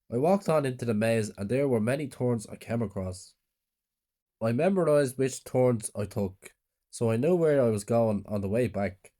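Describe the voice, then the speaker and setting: A man's voice: mid-range voice, expressive, moderate pace, dark tone. A man narrating a horror story in a subdued, plain storytelling way.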